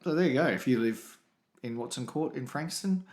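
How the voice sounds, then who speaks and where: A man co-hosting a comedy podcast, full of deadpan asides. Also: medium pitch, normal speed, echoey room. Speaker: podcast co-host. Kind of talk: comedic banter.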